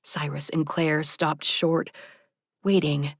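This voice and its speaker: A woman narrating an audiobook in a soft, measured storytelling manner. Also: sits low, flat delivery, slightly rough, dry recording, clean studio sound.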